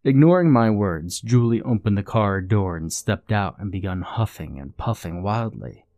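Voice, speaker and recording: A man reading a first-person horror story in a steady, measured way. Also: on the low side, no echo, studio quality. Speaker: narrator. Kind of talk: scripted horror story narration.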